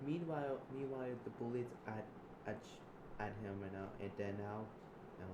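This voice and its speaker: A man improvising a role-play with a chatbot, halting and rambling, repeating words, with loud excited bursts. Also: fairly low pitch. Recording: echoey room with background noise.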